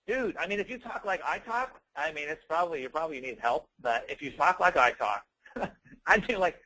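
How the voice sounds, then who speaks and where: Chatty, emphatic male trainer, slightly high. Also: lively intonation, pushed and bright, rough recording. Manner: fast, chatty and emphatic, with many fillers. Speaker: network marketing trainer. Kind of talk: casual training talk.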